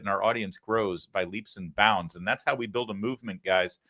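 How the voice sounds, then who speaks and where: A middle-aged man hosting a live political talk show, delivering an energetic, emphatic monologue that swings between punchy lines and muttered asides. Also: mid-range voice, moderate pace, hardly any pauses. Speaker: show host.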